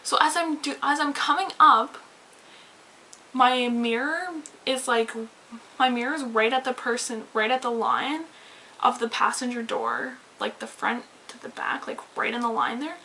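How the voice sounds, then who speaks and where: A woman tells her story straight to camera in a bright, fairly high voice, full of swearing and rambling "like"s. The delivery is animated and casual. A faint hiss sits under the recording. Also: measured pace, rough recording. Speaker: vlogger.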